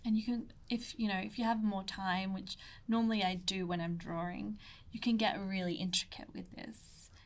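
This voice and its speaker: A young Australian woman walks through an ink drawing step by step. Her voice sits at a middling pitch, and her talk wanders through fillers, jokes at her own expense and side stories, often softening to a near murmur as she focuses on the page. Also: steady tone, normal speed. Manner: rambling, chatty, self-deprecating with asides and fillers. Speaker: artist demonstrating a drawing. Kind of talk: casual drawing tutorial.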